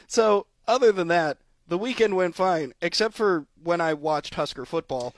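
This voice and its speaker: A man's voice: high-pitched, unhurried, dry recording. A man co-hosting a sports podcast, telling stories animatedly, laughing often and acting out voices in casual chat. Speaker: podcast co-host.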